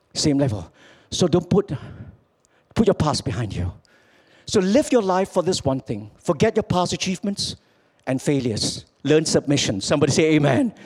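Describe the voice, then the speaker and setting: A man preaching a sermon as pastor, swinging from loud calls to quiet, low lines. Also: slightly rough.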